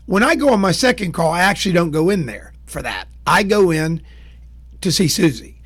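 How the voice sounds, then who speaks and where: A man's voice: high-pitched, expressive, normal speed, a bit bright, slightly rough. A man teaching sales in a plain-spoken, folksy way, walking through steps and acting out short exchanges. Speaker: sales trainer. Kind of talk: instructional talk to camera.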